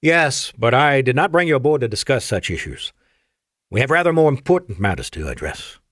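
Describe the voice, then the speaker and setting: A man voicing an ancient, courteous alien admiral with an Afrikaans-tinged accent and formal, measured speech. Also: mid-range voice, sing-song, fairly bright tone, dry recording, studio quality.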